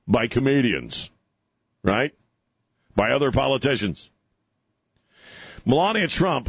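A man's voice: mid-range voice, dry recording. A man hosting an opinionated political talk show, sarcastic and mocking, rambling with many fillers.

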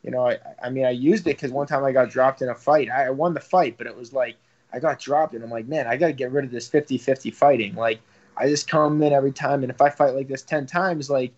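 A man's voice: medium pitch, fairly even intonation, a little fast, darkish tone. A young man, a professional fighter talking casually in an interview, rambling with lots of fillers and some swearing. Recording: slightly dull lo-fi audio.

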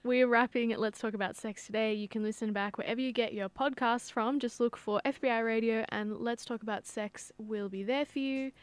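A woman hosting a radio show, upbeat and brisk as she introduces her guest. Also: fairly high pitch, fairly even intonation, clean tone. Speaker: radio host. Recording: music playing under the voice.

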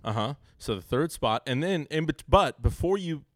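A man's voice: a little high, expressive, normal speed, a bit bright, dry recording, studio quality. A young man co-hosting a podcast, ribbing his friend and acting out the quotes in a story. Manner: teasing storyteller, acts out quotes. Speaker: podcast co-host. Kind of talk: casual banter.

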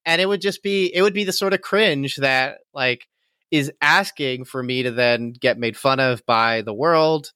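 A man's voice: mid-range voice, measured pace, pushed and bright, clean tone, no echo, studio quality. A man co-hosting a podcast in casual chat, laughing often and talking with emotion. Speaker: podcast co-host.

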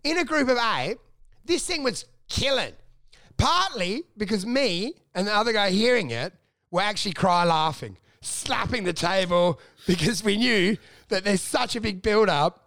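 Gravelly, bright-voiced comedian. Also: male voice, high voice, normal speed, no room sound, studio quality. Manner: swearing, animated, acting out characters. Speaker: comedian, podcast co-host. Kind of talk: casual comedy podcast storytelling.

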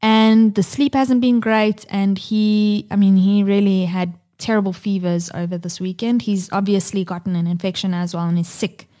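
A woman's voice: mid-range voice, fairly even intonation, normal speed, few pauses, dark tone. A woman in her thirties co-hosting a podcast, talking candidly and swearing freely about family life. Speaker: podcast co-host. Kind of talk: casual chat.

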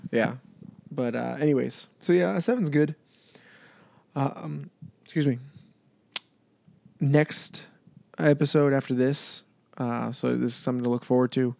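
Animated man on a podcast. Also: medium pitch, a little slow, creaky, long pauses, no echo. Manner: animated, acts out voices in stories, laughs often. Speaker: podcast co-host. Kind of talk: casual storytelling chat. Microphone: podcast microphone.

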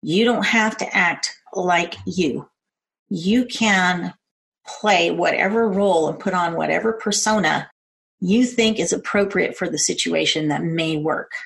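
A middle-aged woman giving a calm, earnest instructional talk on personal safety. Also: lowish voice, gravelly. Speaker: self-defense instructor.

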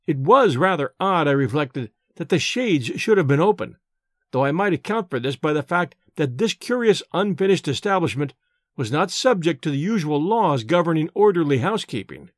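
A man narrating a first-person novel as an audiobook, expressive and storytelling in manner. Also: a little high, normal speed, no echo, clean studio sound.

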